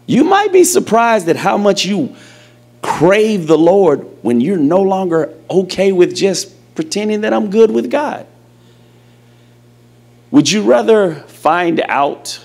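A male preacher with a slightly raised, gravelly voice delivers an emphatic sermon. He tells his story with animation and throws questions straight at the congregation. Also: fairly high pitch, a little mellow.

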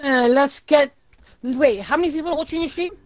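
High-voiced teasing woman gamer. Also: no room sound. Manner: teasing, quick banter. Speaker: co-player. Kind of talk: casual gaming chat.

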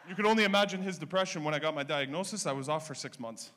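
Stand-up comic in his thirties, high voice, bright and sharp, punchy delivery, faint noise behind. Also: racing, hardly any pauses. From Canada (Ontario). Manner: punchy, animated storytelling. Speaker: stand-up comedian. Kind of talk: stand-up comedy set.

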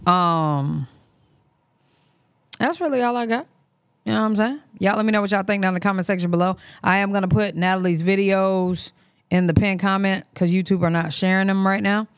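A woman's voice: on the low side, normal speed, clean tone, no echo, clean studio sound. A woman hosting a reaction stream, giving candid, slangy, outspoken commentary in a casual way. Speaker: reaction channel host.

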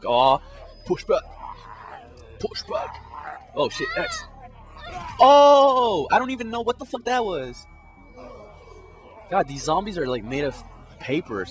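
A man's voice: medium pitch, expressive, normal speed. A man giving casual commentary on a game he is playing, blurting profane reactions. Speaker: gameplay commentator. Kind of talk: casual let's play commentary. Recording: game music behind.

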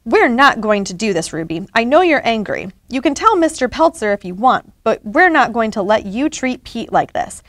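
A woman doing a calm, firm schoolboy. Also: a little high, normal speed, few pauses, no room sound, studio quality. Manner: clear and firm.

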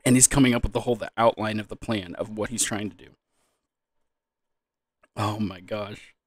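Here the gaming video creator talks casually on his own, recorded dry and close to the microphone. His pitch sits fairly low and his pace is moderate, and his mouth is dry as he loses his composure again and again in laughter.

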